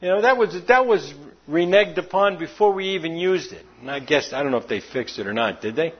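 A man preaching a conversational sermon, animated and jumping up in pitch for emphasis. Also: a little fast, slightly rough. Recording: dull lo-fi recording.

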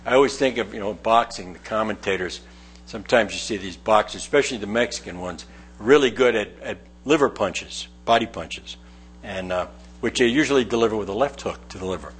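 A man's voice: on the low side, fairly quick, husky. An older man preaching a sermon in a folksy, conversational way, acting out quoted voices.

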